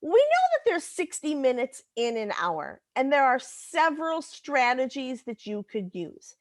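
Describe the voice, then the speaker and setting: A woman's voice: high-pitched, huge pitch swings, a little slow, no room sound, clean studio sound. A woman teacher talking through a recorded math lesson, patiently explaining step by step and correcting herself as she goes.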